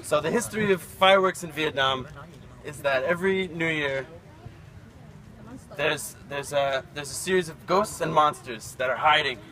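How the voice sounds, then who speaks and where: A man's voice: on the high side, normal speed, pushed and bright, poor audio. A man explaining a custom in a plain, casual way to a group. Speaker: presenter at a team event.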